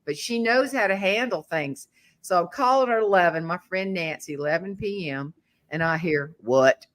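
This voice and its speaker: A woman's voice: lowish voice, normal speed. A middle-aged woman with a Southern American accent, telling a funny story in a casual chat and acting out the voices of the people in it. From Southern United States. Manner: animated, acts out quoted voices. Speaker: humorist guest.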